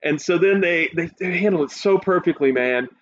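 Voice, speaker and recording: Speaking at normal speed in a fairly high voice, a man chats casually and becomes more excited while retelling his favorite scenes from a show. When he gets carried away his voice rises sharply; the recording is a bit dull with a faint hiss beneath it.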